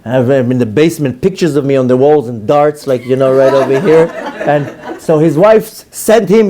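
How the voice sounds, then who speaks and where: A man's voice: medium pitch, normal speed, dark tone. A middle-aged man giving a rabbi's lecture, telling stories with acted-out quotes and jokes. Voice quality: storytelling with acted-out quotes, joking. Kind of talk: lively Torah lecture.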